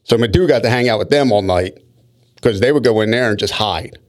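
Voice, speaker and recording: A man's voice: lowish voice, a little fast. Rambling man telling stories. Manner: rambling, animated storyteller with frequent restarts. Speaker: podcast co-host telling stories. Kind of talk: casual storytelling chat.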